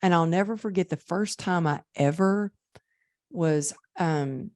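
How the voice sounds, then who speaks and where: Low-voiced woman telling stories. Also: measured pace, no echo, clean studio sound. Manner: lively, acts out quoted voices. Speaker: podcast guest. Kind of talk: conversational storytelling.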